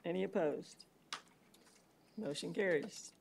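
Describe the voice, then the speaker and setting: A woman chairing a city commission meeting, moving briskly through procedural lines. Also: fairly low pitch, vocal fry, darkish tone, a little hiss or hum.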